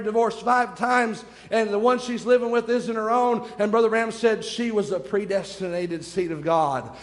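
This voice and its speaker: Brief: male preacher, very high voice, fervent sermon delivery full of repetition, long church-hall reverb. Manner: fervent, rhetorical questions and repetition.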